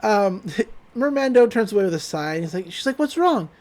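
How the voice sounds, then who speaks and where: A woman's voice: mid-range voice, lively intonation, a little fast, darkish tone. A woman co-hosting a podcast, giving a chatty, casual recap with laughs and fillers. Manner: chatty, giggly, with frequent fillers. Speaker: podcast co-host.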